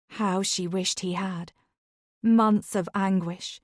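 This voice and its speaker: A woman narrating a historical romance in a measured, emotive reading. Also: mid-range voice, steady tone, dry recording, studio quality. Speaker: audiobook narrator.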